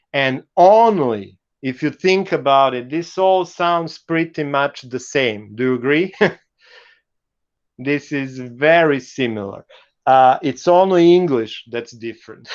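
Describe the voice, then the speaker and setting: A man with a Serbian accent giving an online university lecture, halting and full of "uh" fillers. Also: medium pitch, muffled recording.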